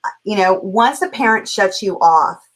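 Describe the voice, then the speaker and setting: A woman's voice: mid-range voice, animated, moderate pace, rough recording. A middle-aged woman from California, a parenting coach who talks as an interview guest in a passionate, emphatic way. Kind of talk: heartfelt conversational interview.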